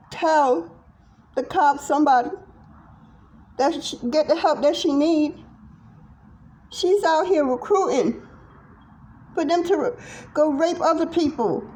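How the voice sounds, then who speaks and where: High-voiced woman, blunt and profane. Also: a little mellow. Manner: blunt, profane, impassioned pep talk. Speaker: tarot reader. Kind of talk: tarot reading monologue to viewers.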